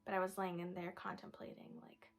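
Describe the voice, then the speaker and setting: Young woman with vocal fry, rambling casually. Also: on the low side, completely flat delivery, a little fast, whispered. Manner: casual, rambling, many "like" fillers, drops to a hush at times. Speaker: vlogger. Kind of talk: personal storytelling to camera.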